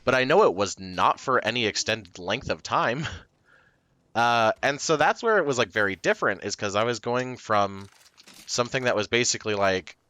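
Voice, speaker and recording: Rambling male streamer, lively pitch. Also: normal speed, no room sound. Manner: rambling, self-deprecating, lots of fillers and restarts; breaks into short laughs. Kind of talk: casual chat to stream viewers.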